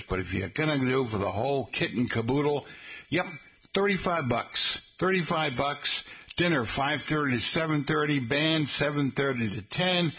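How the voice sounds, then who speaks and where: Middle-aged man, local radio host, husky voice, folksy chatty delivery, studio talk. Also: medium pitch, a bit bright. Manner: folksy and chatty, spells out details slowly.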